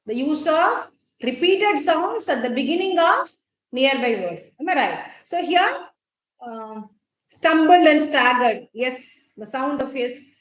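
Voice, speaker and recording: Indian woman lecturer, high-pitched, explains and asks questions, roomy classroom sound. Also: sing-song, slow. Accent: Indian English. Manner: explains terms and quizzes students, with frequent fillers. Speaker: college English teacher.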